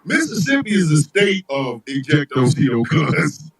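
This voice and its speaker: A man hosting a live talk show, ranting comedically in a profane, animated way, often shouting. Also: fairly high pitch, unhurried, creaky, rough recording. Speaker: host.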